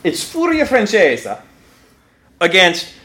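A man telling a personal story, animated, often laughing as he talks and acting out his own reactions. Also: sits high, slow. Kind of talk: personal story told live. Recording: echoey room with background noise.

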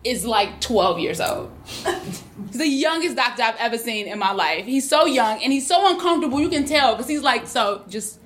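A woman's voice: a little high, animated, moderate pace, a little hiss or hum. A woman performing a stand-up comedy set, brash and profane, laughing often at her own jokes.

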